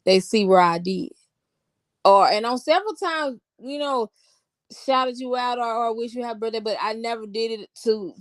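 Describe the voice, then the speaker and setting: A woman's voice: mid-range voice, dry recording. Sarcastic woman commenting on clips. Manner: sarcastic, mocking, talks back at clips. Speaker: online commentator. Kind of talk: casual reaction commentary.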